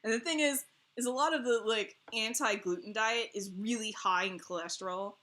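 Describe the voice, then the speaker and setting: A woman chats casually as a co-host on a game stream. Her voice is bright and clear. She rambles in an animated way and laughs often between phrases. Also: fairly high pitch, normal speed.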